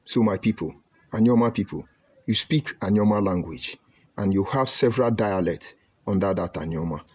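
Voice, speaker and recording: Husky Nigerian man, impassioned. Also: moderate pace, no echo. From Nigeria (Delta State, Ika). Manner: emphatic, preaching, swings between loud outbursts and low murmurs. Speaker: online commentator. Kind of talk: impassioned monologue broadcast.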